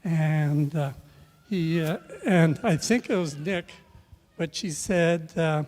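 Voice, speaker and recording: An older man telling a rambling personal story at a memorial service, halting with many filler pauses and restarts. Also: on the high side, darkish tone. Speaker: speaker sharing a memory at a memorial. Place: event room at a memorial service. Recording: long reverb of a large hall.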